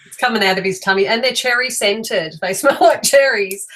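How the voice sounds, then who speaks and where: A woman chatting as a guest on a live stream, giggly and relaxed, with lots of fillers. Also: a little high, fairly quick, low-quality recording. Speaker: guest, doll maker. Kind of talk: casual live-stream chat.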